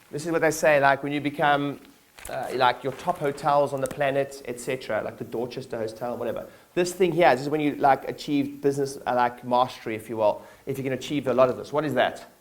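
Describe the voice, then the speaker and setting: A fairly high-voiced man gives a motivational keynote to his employees. He talks loosely and energetically, full of fillers, and keeps asking the crowd to repeat phrases back to him. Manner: energetic, casual, lots of fillers and audience call-and-response. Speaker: business owner giving a keynote to staff. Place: conference hall with an audience.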